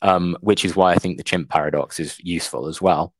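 A man's voice: sits low, fairly even intonation, a little fast, no room sound. A man co-hosting a book-discussion podcast, thoughtful and a little hesitant. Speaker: podcast co-host, English teacher. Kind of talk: casual book-discussion chat.

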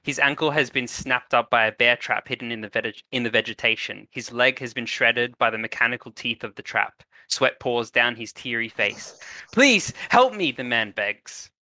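A man's voice: medium pitch, fairly even intonation, normal speed, hardly any pauses, sharp tone, no echo. A young man narrating as game master for a tabletop game, hesitant and full of ums while improvising.

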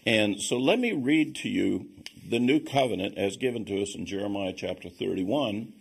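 A man teaching on scripture as a Bible teacher, explaining in a measured way and reading passages aloud. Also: fairly low pitch, animated, gravelly, breathy edge.

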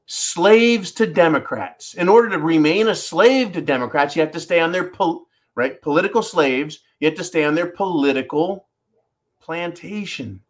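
A man hosting a political rant show, talking in a fairly high voice. He is sarcastic, combative and freely profane as he builds his points. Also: lively intonation, moderate pace. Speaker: podcast host.

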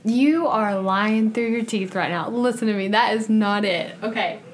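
A woman hosting a casual podcast, teasing her co-host in an animated way and laughing often. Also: medium pitch, moderate pace, slight background noise. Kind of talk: casual chat.

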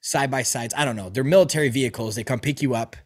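Fast and husky at a medium pitch, an adult male podcast host tells profane stories in casual chat, restarting often.

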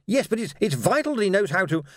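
Fussy jittery techie monk, man voicing him, high and stammery. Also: big pitch swings, fast, a bit bright, no echo, clean studio sound, full character voice.

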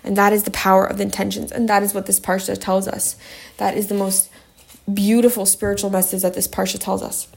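A woman giving a spoken Torah lesson, passionate and emphatic, with sudden high bursts. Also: level tone, brisk, gravelly, husky. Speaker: Torah class teacher.

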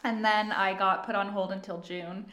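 A woman co-hosting a casual podcast, a small business owner who explains things in an easygoing, measured way. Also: medium pitch, little pitch movement, a bit bright. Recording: echoey room.

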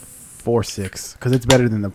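A young man co-hosting a casual beer-tasting chat, crude and quick to laugh, full of bro slang. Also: mid-range voice, fairly even intonation, background noise. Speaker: podcast co-host.

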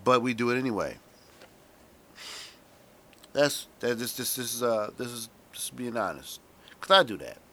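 A man hosting a podcast, delivering a sarcastic, profane comedic monologue that swings between loud emphasis and muttered asides. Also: mid-range voice, animated, normal speed, pauses often. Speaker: podcast host.

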